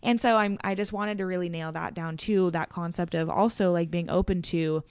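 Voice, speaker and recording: Low-voiced affirming woman host. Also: fairly even intonation, normal speed, clean tone, no echo, clean studio sound. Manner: affirming, enthusiastic, many short backchannels. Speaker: interview host. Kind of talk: casual interview talk.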